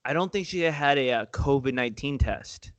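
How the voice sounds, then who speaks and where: A man's voice: mid-range voice, normal speed, no echo. A young man co-hosting a podcast in casual chat, slangy and swearing often, calling his friend dude and bro. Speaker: podcast co-host.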